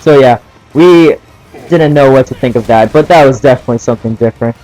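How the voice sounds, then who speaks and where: A man's voice: medium pitch, fast, mellow, soft background music, rough recording. Casual young man swearing through gameplay. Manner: casual, laughing, swearing while playing. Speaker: gaming channel host. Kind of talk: gameplay commentary with storytelling.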